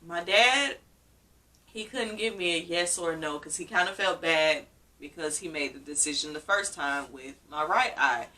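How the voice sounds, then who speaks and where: A woman's voice: fairly low pitch, normal speed, sharp tone, recorded from a distance. A woman vlogger telling a personal story in a casual, emotional way, often repeating herself. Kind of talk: casual story-time vlog.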